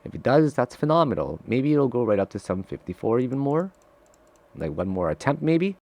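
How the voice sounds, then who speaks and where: A man giving live trading commentary to his viewers, excitable and profane, swinging from loud frustrated outbursts to low muttering. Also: brisk. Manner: talks straight to viewers, calling them guys. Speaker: day trader streaming live trades.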